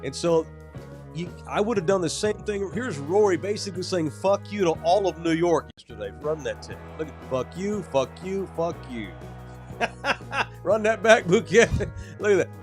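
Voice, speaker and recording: A man's voice: high-pitched, lively intonation, moderate pace, faint music behind. A man co-hosting a sports podcast, ranting casually with lots of profanity. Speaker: podcast co-host.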